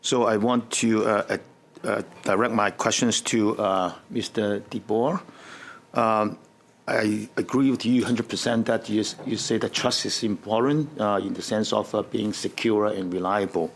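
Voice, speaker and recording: A man on a committee questioning a witness, halting, with many filler pauses. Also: fairly low pitch, fairly even intonation. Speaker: committee member.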